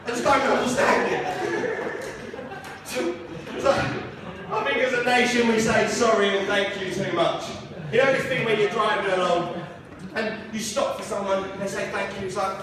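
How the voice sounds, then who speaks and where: A man's voice: sits high, brisk, noisy background. A young man doing a stand-up comedy set in a comedy club, crude and swearing, with mock-outraged punchlines. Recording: echoey club room from far off.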